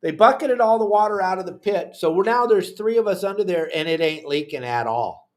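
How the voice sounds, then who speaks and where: A man's voice: sits high, a little fast. A man with a Southern Californian accent, casually telling a long story on a podcast and acting out what others said. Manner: animated, acts out quotes of others.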